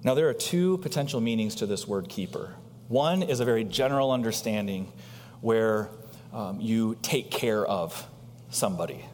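A man preaching a sermon as pastor, asking rhetorical questions and swinging between loud high emphasis and quiet low asides. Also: animated, normal speed, long reverb tail, slight background noise.

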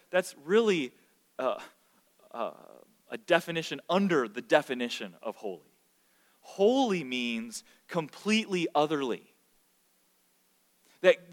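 A male pastor delivering a sermon in a somewhat high voice. His delivery is very animated, dropping to hushed tones and then rising to loud, emphatic peaks.

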